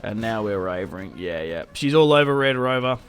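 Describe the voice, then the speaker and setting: A young man giving casual commentary over a strategy game, chatty and quick to react loudly when things go wrong. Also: lowish voice, expressive. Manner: chatty, reacts loudly to setbacks, self-mocking laughs. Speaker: gaming YouTuber.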